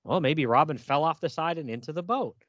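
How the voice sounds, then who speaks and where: A man co-hosting a casual comic book podcast, retelling scenes in a relaxed way with hesitant fillers. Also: on the high side, a little fast, no room sound, highs cut off. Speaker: podcast co-host.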